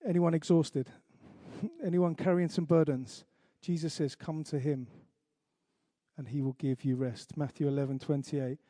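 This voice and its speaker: Earnest man preaching, slightly high voice. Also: fairly even intonation, mellow, dry recording, studio quality. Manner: earnest preaching with slow emphatic recitation and light jokes. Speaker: pastor. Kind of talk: sermon.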